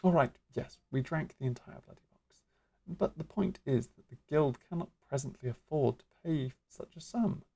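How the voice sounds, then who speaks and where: A woman's voice: low voice, moderate pace, vocal fry, warm tone, husky, heavily acted. A woman voicing a grandly theatrical magic guild master who lectures in florid, archaic phrasing. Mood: grandiose.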